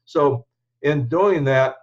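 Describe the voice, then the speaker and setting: A man's voice: on the high side, slow, a little mellow, highs cut off. Older man telling a reflective life story. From United States. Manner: reflective, rambling, with restarts and chuckles. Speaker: show host telling his life story. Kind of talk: casual personal storytelling.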